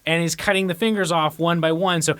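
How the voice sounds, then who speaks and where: Podcast co-host, man, slightly high voice, interjects with film references. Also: steady tone, brisk, a bit bright, clean tone. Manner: chiming in with comments and corrections. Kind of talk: casual movie chat.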